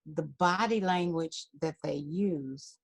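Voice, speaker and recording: A woman's voice: deep voice, slow, creaky. A woman counselor, a talk-show guest, giving parenting advice in an emphatic, teacherly way. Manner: emphatic, teacherly, repeats key points. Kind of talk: advice in an interview.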